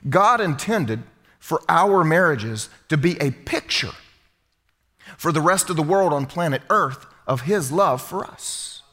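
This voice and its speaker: A man preaches in a church sanctuary with a high, carrying voice. He is animated and keeps putting questions straight to his congregation. A long reverb hangs on every phrase. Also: unhurried. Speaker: pastor. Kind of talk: sermon.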